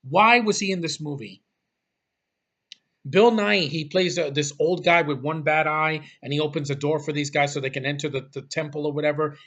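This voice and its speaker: A man's voice: fairly high pitch, fairly even intonation, normal speed, a bit bright. A man ranting about a movie in a casual, blunt, exasperated way, swearing often and rambling through restarts. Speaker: movie reviewer.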